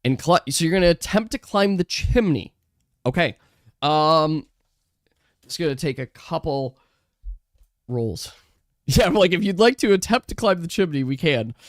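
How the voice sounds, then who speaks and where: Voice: mid-range voice, no room sound, clean studio sound. Laughing tabletop game master. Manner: lively, laughing, quick asides to players.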